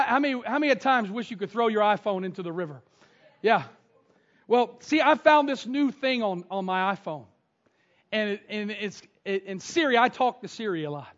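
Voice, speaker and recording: High-pitched male pastor, dull lo-fi church recording, storytelling sermon that goes from hushed to shouting. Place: church sanctuary.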